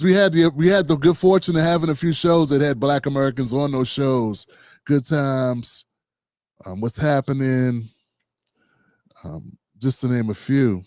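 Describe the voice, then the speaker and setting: A man in his fifties, co-hosting a podcast panel, talking reflectively with frequent pauses and fillers. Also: mid-range voice, a little mellow, no echo, studio quality. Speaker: podcast co-host. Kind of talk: panel discussion.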